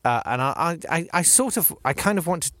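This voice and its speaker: Male podcast host, casual and rambling, mid pitch, dry outdoor recording. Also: animated, a little fast, sharp tone, no echo. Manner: rambling, self-interrupting. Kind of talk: casual chat. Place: outdoors in a muddy field.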